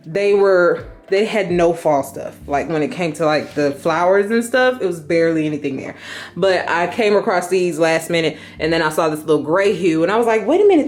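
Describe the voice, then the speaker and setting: A young woman chatting casually to camera at home as a decor vlogger, upbeat and chatty with relaxed slang. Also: on the low side. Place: at home in her entryway.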